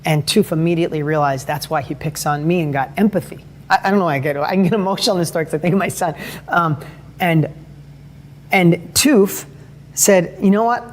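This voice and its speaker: High-voiced middle-aged man telling stories. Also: fairly quick. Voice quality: high-pitched voice. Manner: animated, earnest, restarts and self-corrections. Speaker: motivational speaker. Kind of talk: motivational talk with storytelling.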